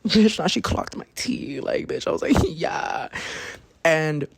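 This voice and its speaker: A young adult man hosting a podcast, telling a story in a casual, slangy, animated way, swearing and jumping into high-pitched mimicry. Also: unhurried, creaky, dry recording, clean studio sound. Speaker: podcast host.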